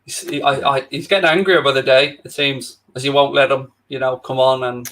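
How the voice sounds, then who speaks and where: A man's voice: mid-range voice, steady tone, brisk, fairly bright tone. Wry male co-host. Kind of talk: live football watchalong banter.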